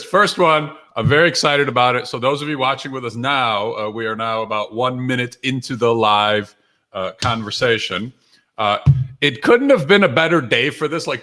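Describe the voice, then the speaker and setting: A man hosting a live stream for his book launch, talking to viewers in an energetic, upbeat way with lots of fillers and restarts and reading out their comments. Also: medium pitch. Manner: reads out viewer comments and greets them by name. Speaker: author and livestream host. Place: home or office with books behind him.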